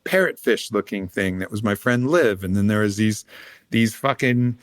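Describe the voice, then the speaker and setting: On a podcast, a male guest with a deep voice spins a meandering, relaxed story at a moderate pace. Fillers and restarts pile up, profanity comes easily, and he chuckles in little asides.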